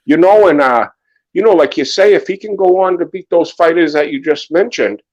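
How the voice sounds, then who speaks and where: A man's voice: fairly high pitch, moderate pace, darkish tone, highs cut off. A man from Maine, calling in and chatting in an effusive, rambling way. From Maine, USA. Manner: effusive and rambling, repeats words. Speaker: guest caller. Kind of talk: casual chat.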